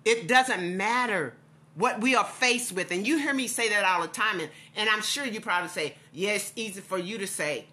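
A woman's voice: medium pitch, moderate pace, bright, forceful tone. A middle-aged woman preaching an impassioned devotional sermon with a repetitive cadence.

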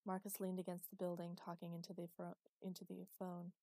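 A woman narrating an audiobook with steady, expressive storytelling. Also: fairly low pitch, fairly quick, dry recording, clean studio sound.

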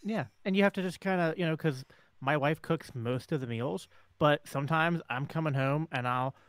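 A man's voice: a little high, normal speed, no room sound. Man, podcast co-host, casual chat, easygoing, dry close recording.

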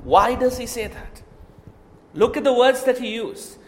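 High-voiced man preaching in an echoey hall. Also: a little slow, a little hiss or hum. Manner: emphatic, asks the congregation questions, often raises voice. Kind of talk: sermon.

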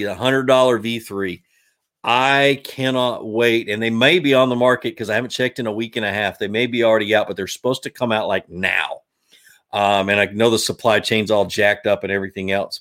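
A man hosting a casual live stream, reading out viewer questions and answering them in a relaxed, rambling way with lots of ums and restarts. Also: lowish voice. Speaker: livestream host answering viewer fishing questions.

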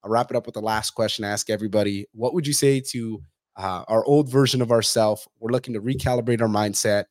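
A man's voice: fairly low pitch, steady tone, fast, darkish tone, no echo, studio quality. A man hosting a podcast in casual chat, blunt, swearing freely and saying "bro" and "dude". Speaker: podcast host.

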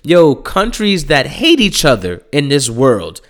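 A man hosting a solo podcast, ranting in a heated, profane way and often getting louder. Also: a little high, wildly swooping pitch, slow. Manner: profane, heated, swings into loud mocking impressions. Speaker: podcast host.

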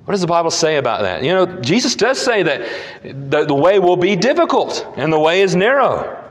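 A man preaching a sermon as pastor, emphatic and repeating key phrases, dropping low and slow when he reads scripture. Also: very animated, in a large hall.

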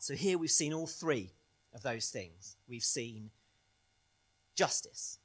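A male pastor preaching a sermon in an animated way, swinging between loud stresses and soft, quiet phrases. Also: mid-range voice, normal speed.

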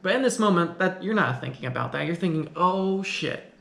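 Man, casual film commentator, somewhat high voice, loose rambling delivery, echoey room. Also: lively intonation, quick pace, gravelly, a bit bright. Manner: conversational, rambling, with frequent restarts. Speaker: film reviewer.

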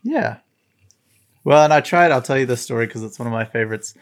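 A man's voice: medium pitch, brisk. A man on a podcast as a guest, reminiscing casually in a rambling way, full of fillers and restarts. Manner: rambling, filler-heavy storytelling. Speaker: podcast guest, tech site founder.

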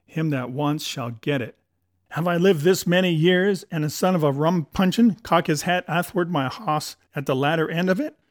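A man's voice: mid-range voice, a little slow, no echo, clean studio sound, lightly acted. A man putting on a blustering old pirate captain. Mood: roaring. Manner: blustering, rough seafaring talk. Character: menacing old male pirate cook, commanding.

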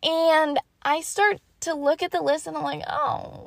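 An eighteen-year-old woman telling a story in a casual, animated way, acting out her thoughts in hushed asides. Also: high-pitched, measured pace, creaky, no room sound. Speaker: vlogger.

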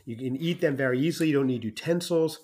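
A man's voice: mid-range voice, fast talker, darkish tone. A man hosting a casual food review chat, teasing his guest and announcing to listeners like a showman. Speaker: podcast host.

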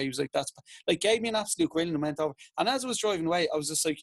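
A man's voice: on the high side, steady tone, racing, vocal fry, few pauses, dry recording. An Irish man, a teacher and TV presenter, chatting on a podcast and acting out conversations as he tells stories. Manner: chatty storyteller, acts out exchanges. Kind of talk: casual chat.

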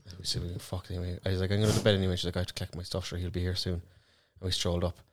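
A young Irish man from Cork with a low, deep voice, rattling through a story at a quick clip. He co-hosts a casual podcast chat, swears freely and acts out what others said in his own voice. His talk stays loose and unscripted. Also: flat delivery. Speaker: podcast co-host.

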